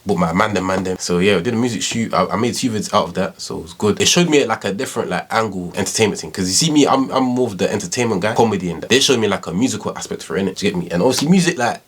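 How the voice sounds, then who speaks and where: A young man in his twenties with a London accent talks through his story with a deep, slightly husky voice. He speaks fast and loosely, piling on slang and tag questions as he reflects. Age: 20s. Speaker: YouTuber. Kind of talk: casual storytelling vlog.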